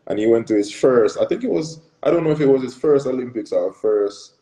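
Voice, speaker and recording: A man's voice: mid-range voice, expressive, brisk, warm tone, low-quality recording. A young Jamaican man answering interview questions in an earnest, reflective way. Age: young adult. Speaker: guest athlete.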